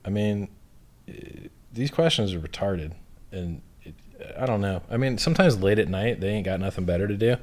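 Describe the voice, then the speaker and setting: A man's voice: lowish voice, normal speed, a little mellow. A man as an interview guest, talking bluntly and profanely in a matter-of-fact way. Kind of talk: casual chat.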